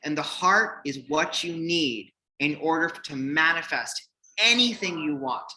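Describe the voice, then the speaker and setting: A man in his forties telling his hairdressing career story in a casual, animated way, acting out the people he quotes, with lots of fillers. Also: fairly high pitch, a little slow, a little hiss or hum, poor audio.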